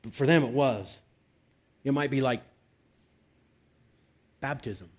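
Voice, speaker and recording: A man's voice: mid-range voice, takes it slowly. A man preaching a conversational sermon, reading scripture and breaking into emphatic bursts. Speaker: pastor.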